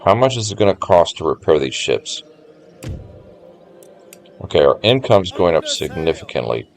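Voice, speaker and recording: A man's voice: low voice, very animated, moderate pace, gravelly. A man streaming a strategy game, thinking aloud and chatting casually to his viewers as he plans each move. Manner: thinks aloud, musing to chat. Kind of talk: casual gameplay commentary. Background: faint game music.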